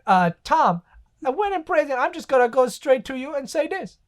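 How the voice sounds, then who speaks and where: A woman's voice: sits high, very animated, moderate pace, pitched above the performer's own voice. Woman doing a leering male prison inmate.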